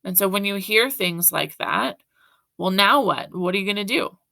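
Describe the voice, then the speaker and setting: A woman's voice: mid-range voice, animated, normal speed, gravelly, pushed and bright, dry recording. A woman teacher giving a recorded video lesson, speaking directly to her students in an encouraging way. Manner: encouraging, talks directly to students with frequent "right?".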